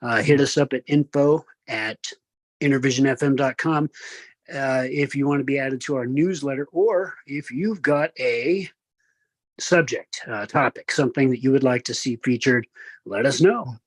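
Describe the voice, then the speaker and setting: A man's voice: medium pitch, moderate pace, no room sound. An older man hosting a talk show, reading sponsors in a rambling, self-deprecating way with lots of fillers. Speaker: radio host.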